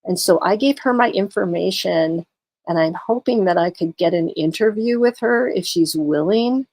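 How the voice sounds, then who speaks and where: A woman's voice: fairly low pitch, moderate pace, darkish tone, dry recording. A tired woman livestreaming in casual chat, talking through a case and greeting her viewers. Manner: chatty, greets viewers, many fillers. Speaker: true crime livestreamer.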